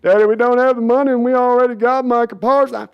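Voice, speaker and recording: A man doing an impression of an exasperated grown son pleading with his father, in a high, whiny voice. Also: steady tone, fast talker, clean tone, lo-fi sound.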